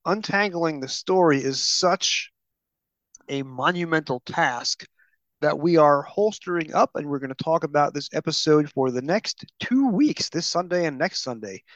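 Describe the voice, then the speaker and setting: A man's voice: fairly high pitch, no echo. A man with a New York accent hosting a podcast in casual, jokey chat. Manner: animated, quick, jokey. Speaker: podcast host. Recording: dull, lo-fi podcast audio.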